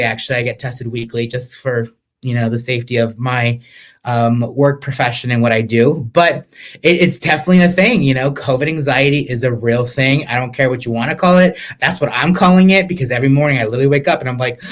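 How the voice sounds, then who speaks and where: A man's voice: mid-range voice, fast. A man hosting a casual live-stream podcast, sassy and chatty, calling viewers "sis" and slipping in Spanish words. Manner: expressive, mixes in Spanish words. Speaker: podcast host, chef.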